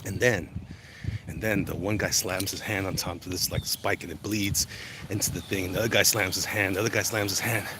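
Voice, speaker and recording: A man's voice: sits low, steady tone, brisk. A man vlogging while walking outdoors, chatty and rambling, congested in the chest and walking on sore legs. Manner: rambling, chatty, easily sidetracked. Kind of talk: casual walk-and-talk monologue. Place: outdoors, walking along urban streets. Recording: loud traffic noise outdoors. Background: passing cars and street ambience.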